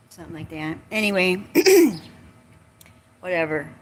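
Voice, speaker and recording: A woman's voice: lowish voice, normal speed, fairly bright tone. Folksy Southern woman rambling on a livestream. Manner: folksy, joking, salty and talkative. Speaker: vlogger. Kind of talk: casual rambling livestream chat. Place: outdoors by a lake.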